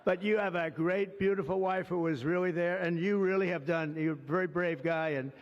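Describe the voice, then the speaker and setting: A man's voice: high-pitched, fairly even intonation, brisk. A man giving an off-the-cuff ceremonial speech as a political leader, rambling and digressive, piling on superlatives. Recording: dull lo-fi sound with long hall reverb.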